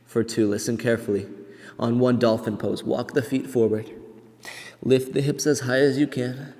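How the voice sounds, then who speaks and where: A man's voice: medium pitch, normal speed. A man guiding a yoga class as he does the poses himself, counting holds and out of breath as he moves. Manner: calm counting cues, moving along with the class. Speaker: yoga teacher. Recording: long hall reverb.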